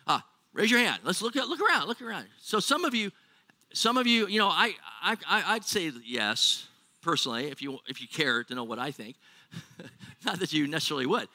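A man's voice: fairly high pitch, very animated, fairly quick, sharp tone, dry recording. A man with an American accent preaching a sermon to his church, joking with the congregation and asking them questions. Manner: jokey, asks the crowd questions. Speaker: pastor.

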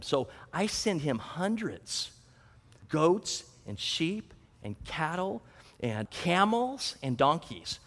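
A man acts out a Bible story in the first person, chatty and full of humorous asides. His voice is high and swings widely in pitch. A long hall reverb trails each phrase. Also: slow. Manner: animated, conversational, humorous asides.

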